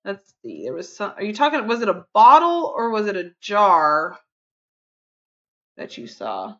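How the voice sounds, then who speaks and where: A woman's voice: mid-range voice, wildly swooping pitch, unhurried, a bit bright, highs cut off. A woman streamer chatting casually to her viewers while she plays, rambling and counting under her breath. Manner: chatty, rambling, talks to chat while fiddling. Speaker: game streamer. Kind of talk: casual live-stream chat.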